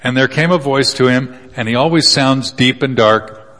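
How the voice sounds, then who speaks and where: Joking preacher in a reverberant hall. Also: male voice, mid-range voice, normal speed, a bit bright. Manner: joking, conversational Bible teaching with acted quotes. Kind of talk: sermon.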